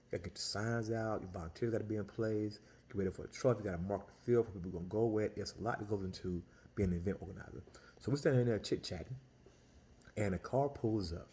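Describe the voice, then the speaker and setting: A man's voice: on the low side, quick pace. A man who sells Italian ice tells a story as a casual, exasperated rant, full of restarts and repeated words. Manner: animated, exasperated, lots of restarts and repetition.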